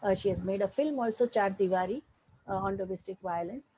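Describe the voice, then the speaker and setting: A woman's voice: medium pitch, brisk, mellow, slightly rough, rough recording. An older woman with an Indian accent, a women's rights activist speaking earnestly and emphatically in a panel talk, often restarting her sentences, over a video call.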